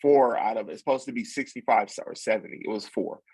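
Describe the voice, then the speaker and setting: A man in his forties telling a personal story in casual chat, acting out what others said with lively slang. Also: mid-range voice, fast, husky, no room sound. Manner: animated, acts out quotes with slang. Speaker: podcast guest.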